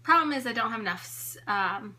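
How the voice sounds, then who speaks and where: Chatty high-voiced pregnant woman. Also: expressive, fairly quick, bright, forceful tone. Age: 30s. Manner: chatty and giggly, reacting to viewers. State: pregnant, out of breath. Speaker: home organizing vlogger. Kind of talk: casual live-stream chat giving a home tour. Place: inside her home. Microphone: camera on a tripod.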